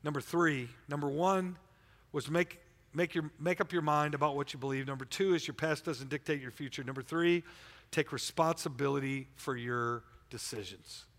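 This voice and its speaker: A preacher delivers an energetic, colloquial sermon, repeating words and restarting as he goes. His voice is slightly high and tense. A long reverb from the church hall follows each phrase. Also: moderate pace. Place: church sanctuary.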